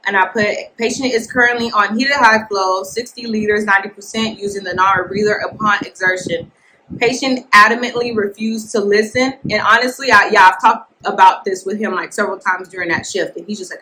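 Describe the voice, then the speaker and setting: A woman hosting a casual podcast, telling a work story in a blunt, animated way and talking straight to her listeners. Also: mid-range voice, fairly quick, low-quality recording. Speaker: nurse podcast host. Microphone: podcast mic, filmed for video.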